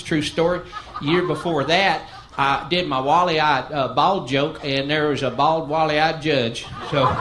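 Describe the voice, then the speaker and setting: A man with a warm East Tennessee Southern drawl and a somewhat high voice tells rambling, self-deprecating yarns on a comedy stage. He talks into a handheld mic, and the live club recording carries a fair amount of noise. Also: poor audio. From East Tennessee, USA. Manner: folksy, self-deprecating, animated yarn-spinning. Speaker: stand-up comedian. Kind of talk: stand-up storytelling.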